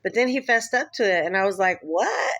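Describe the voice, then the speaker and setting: A woman vlogger rambling casually, full of fillers and quick laughs. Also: mid-range voice, animated, a bit bright, no echo. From Philippines heritage. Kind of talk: casual chat.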